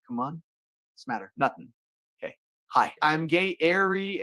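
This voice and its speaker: A man hosts a comedic monologue show, joking around with playful asides and put-on folksy voices. His voice is a little high with a fairly bright tone.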